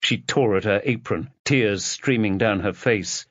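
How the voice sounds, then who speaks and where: A man narrating a mystery novel as an audiobook in an expressive reading. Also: fairly low pitch, unhurried, hardly any pauses, no echo. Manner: expressive reading, voices the characters. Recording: dull, dry lo-fi recording.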